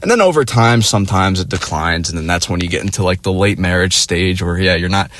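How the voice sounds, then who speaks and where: A man's voice: low voice, lively intonation, brisk, a bit bright, no room sound. A young man telling a personal story in a crude, profane, rambling way, with lots of fillers. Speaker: vlogger. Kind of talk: casual storytelling.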